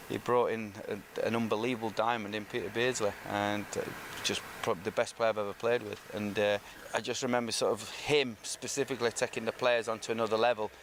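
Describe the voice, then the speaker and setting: Middle-aged ex-footballer telling stories. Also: male voice, fairly low pitch, fairly quick, few pauses, noisy background. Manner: lively storyteller who acts out quoted speech. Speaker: former professional footballer, guest. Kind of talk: relaxed anecdotal interview.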